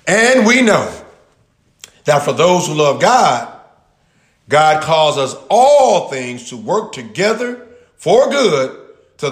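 Emphatic pastor teaching slowly in an echoey room. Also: male voice, on the high side. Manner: emphatic, repeats key words slowly with long pauses; talks with the audience, answers their replies. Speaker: pastor teaching a Bible study. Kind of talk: sermon-style Bible teaching.

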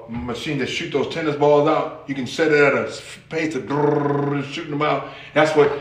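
A man preaching a lively sermon, talking straight to his listeners in a casual, conversational way. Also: fairly high pitch, reverberant. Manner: animated, conversational, addresses listeners directly.

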